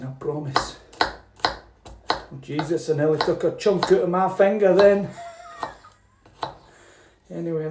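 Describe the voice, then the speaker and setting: A man with a high voice rambles cheerfully while cooking at home, swearing freely and laughing often. The kitchen sounds roomy and echoey, with a faint hiss of noise underneath. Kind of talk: casual chatty cooking vlog.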